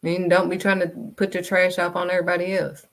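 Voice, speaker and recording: A woman's voice: lowish voice, completely flat delivery, fast talker. A woman vlogger giving a blunt, scolding faith talk straight to camera. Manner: blunt, direct, scolding, refuses to sugarcoat. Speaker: vlogger and kids' modeling teacher.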